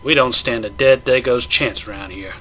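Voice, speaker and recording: A man's voice: mid-range voice, normal speed, a little hiss or hum, close to an everyday voice. A man voicing a confident, bossy backwoods hunt organizer who speaks in a nasal, emphatic way. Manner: energetic, emphatic.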